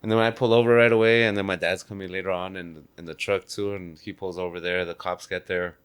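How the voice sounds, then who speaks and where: A laid-back man with an El Paso Texan accent recounts a crash from behind the wheel of his semi. His voice sits a little low, and his relaxed talk is peppered with bro. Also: quick pace, clear, resonant tone. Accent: El Paso Texan English. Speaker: truck driver guest. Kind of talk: casual storytelling chat.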